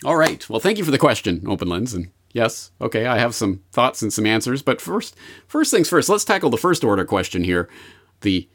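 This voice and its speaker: A man's voice: mid-range voice, very animated, a little fast, fairly bright tone. A man hosting a solo podcast, reading listener mail and commenting with sardonic asides. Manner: sardonic, mock-posh asides. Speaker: host.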